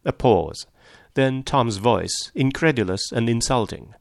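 A man narrating a classic novel in a measured, low-key reading. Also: animated, creaky, no echo, clean studio sound. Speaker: audiobook narrator. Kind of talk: literary audiobook narration.

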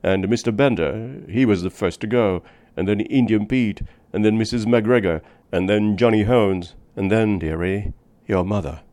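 A man reading aloud, voicing a dying, exhausted frontier wanderer in a tender, rough, folksy drawl. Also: on the low side, moderate pace, dark tone, natural voice. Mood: tender, weary.

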